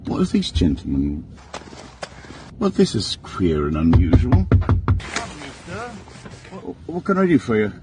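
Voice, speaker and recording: A man voicing a flustered, polite English gentleman who pleads as he is arrested, with an English accent. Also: fairly low pitch, wildly swooping pitch, unhurried, pauses often, music in the background. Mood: puzzled. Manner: prim, pleading. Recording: loud crowd noise behind.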